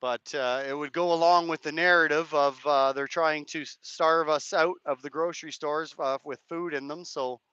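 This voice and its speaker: Man, hoarse live streamer, rambling and hedging, crisp bright tone, dry lo-fi sound. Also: a little high, fairly even intonation, normal speed, hardly any pauses, no room sound. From Canada. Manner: rambling, hedging, chats to viewers' comments. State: hoarse, cracked voice. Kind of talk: casual live-stream commentary. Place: outdoors at a street rally.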